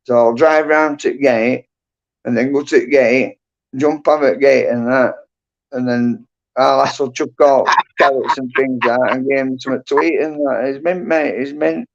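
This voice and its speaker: Vocal fry runs through this middle-aged livestream host's mid-range voice, which keeps a steady tone at normal speed. He rambles and swears in casual chat, full of "and that" and "you know," and the livestream audio is dull and lo-fi.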